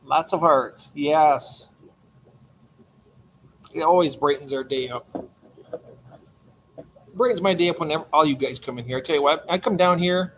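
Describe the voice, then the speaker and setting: A man's voice: a little high, normal speed, long pauses, a little hiss or hum. Chatty older man hosting a late stream. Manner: chatty, greets chat members warmly by name. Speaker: livestream host. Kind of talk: late-night livestream chat. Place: home aquarium room.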